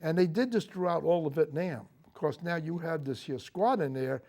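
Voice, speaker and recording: Older man, Marine veteran, TV studio interview, halting speech, slightly high voice. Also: a little mellow. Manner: halting, with frequent fillers and restarts. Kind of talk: recounting memories in a TV interview. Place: local TV studio.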